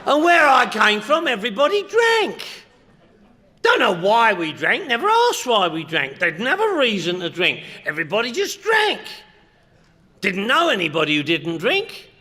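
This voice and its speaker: A middle-aged man with a London accent speaks to a crowd in a bright, fairly high voice. His pitch swings widely as he tells comic stories in a punchy way, now and then breaking into a shout. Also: huge pitch swings, normal speed. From England. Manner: loud, joking, punchy with bursts of shouting. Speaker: recovery meeting speaker. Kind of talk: comic storytelling talk to a crowd.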